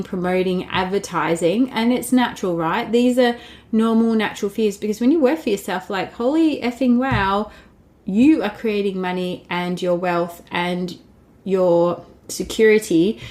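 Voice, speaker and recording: A woman's voice: medium pitch, a little mellow. A woman, hosting a casual solo podcast in a chatty, upbeat way full of "like" and "babes". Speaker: podcast host.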